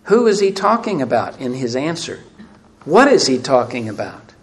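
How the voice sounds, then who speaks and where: A pastor with a mid-range, sing-song voice preaches at normal speed. He fires off emphatic rhetorical questions and swings between loud and hushed delivery.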